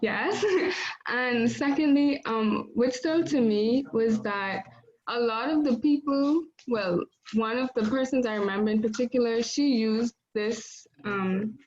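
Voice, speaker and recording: Woman student, slightly high voice, casual, muffled video-call sound. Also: a little slow, a little mellow. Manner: casual, thoughtful, uses fillers. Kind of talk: class discussion comment.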